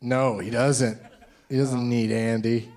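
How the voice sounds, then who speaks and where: A man's voice: medium pitch, flat delivery, slow, darkish tone. A man hosting a live comedy podcast, running a movie game with playful banter and frequent laughs.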